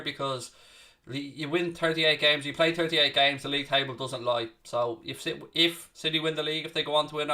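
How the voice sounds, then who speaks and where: A man's voice: mid-range voice, bright, forceful tone, distant mic. A man hosting a live football watchalong, reading out viewer questions and answering them in earnest, conversational chat while calling the match play. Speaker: watchalong host and Liverpool fan.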